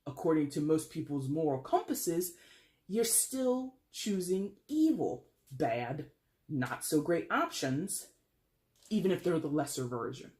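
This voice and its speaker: Tarot reader, casual reading monologue, blunt, emphatic, swears casually, laughs a lot, voice jumps up high for emphasis. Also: unhurried. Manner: animated, leaps in pitch for emphasis.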